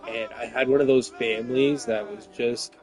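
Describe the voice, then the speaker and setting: A man's voice: medium pitch, fairly even intonation, moderate pace, soft background music. Rambling man venting. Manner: rambling, filler-heavy, swears when worked up. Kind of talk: rambling personal talk.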